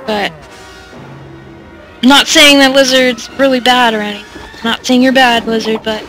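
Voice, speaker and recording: This let's-play commentator, a woman with a fairly high voice and a steady tone, rambles loosely through her gameplay commentary. Self-deprecating and giggly, she uses lots of "uh" and "like" while quiet game music plays in the background.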